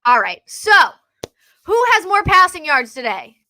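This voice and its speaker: Female podcast co-host, forceful bright tone, slightly high, excitable casual sports banter. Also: unhurried. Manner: excitable, trails off and restarts.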